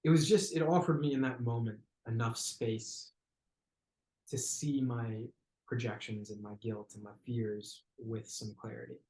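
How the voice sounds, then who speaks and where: Man, podcast guest, reflective storytelling, hesitant and searching phrasing, many restarts, mid-pitched voice, roomy echoey recording. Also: fairly even intonation, unhurried, warm tone.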